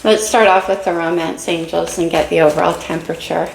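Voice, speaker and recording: A woman's voice: fairly low pitch, steady tone, brisk, vocal fry, echoey room, noisy background. A woman giving a casual spoken tarot reading, musing and speaking straight to her viewers while a little out of breath. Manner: dreamy, musing, talks to viewers directly. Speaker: tarot reader.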